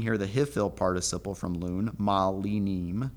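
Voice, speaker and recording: A man teaching a Hebrew Bible lesson, methodically reading the verses aloud slowly and explaining the grammar. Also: deep voice, flat delivery, vocal fry.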